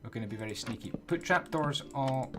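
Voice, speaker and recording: A man's voice: medium pitch, lively intonation, a little fast, noisy background. A man giving casual, playful commentary as he builds in a video game, counting blocks aloud as he goes. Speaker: Minecraft builder and tutorial host. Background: background music.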